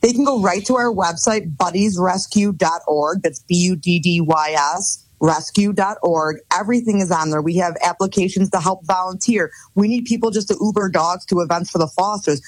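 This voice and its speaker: Upbeat lady radio guest, kinda husky voice, dry studio mic. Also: on the low side, moderate pace, few pauses, no echo, rough recording. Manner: upbeat, promotional. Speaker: guest from a dog rescue. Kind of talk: radio interview.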